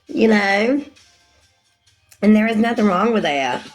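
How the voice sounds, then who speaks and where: A woman's voice: mid-range voice, lively intonation, slow, soft background music. A woman in her forties chatting casually with livestream viewers, rambling, calling them sweetie and laughing often. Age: 40s.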